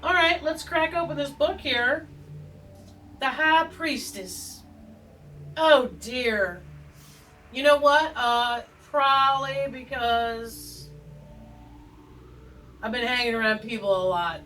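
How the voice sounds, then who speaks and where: A woman's voice: high-pitched, slow, long pauses, a bit bright, recorded from a distance, slight background noise, poor audio. A woman hosting a tarot video, chatting in a rambling, joking, self-deprecating way with plenty of asides. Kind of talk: rambling casual chat. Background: faint background music.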